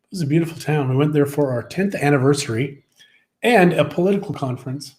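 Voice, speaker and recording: A man's voice: a little high, fast talker, darkish tone. A middle-aged man co-hosting a livestream, chatting casually and rambling through stories with many restarts. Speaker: co-host of a livestream show. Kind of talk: casual chat.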